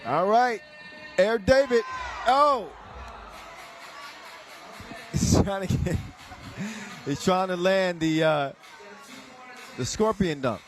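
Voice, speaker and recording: Guy calling a dunk contest live, kinda high voice, hyped and jokey, bit of music under it. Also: slow pace, long pauses, some chatter behind. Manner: excitable, joking, chuckles between calls. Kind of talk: live sports commentary.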